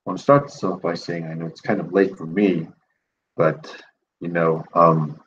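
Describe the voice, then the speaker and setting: A man with a very low, groggy morning voice, chatting casually on a thank-you stream. He rambles, with lots of fillers and pauses. The recording sounds dull and lo-fi, with a faint hiss behind him. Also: fairly even intonation, fairly bright tone. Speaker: channel host.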